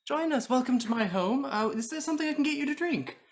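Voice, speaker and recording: A woman voicing a fussy, overeager male host who gushes welcomes in a high, lively voice. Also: quick pace. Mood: gushing. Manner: high, gushing, repetitive welcomes.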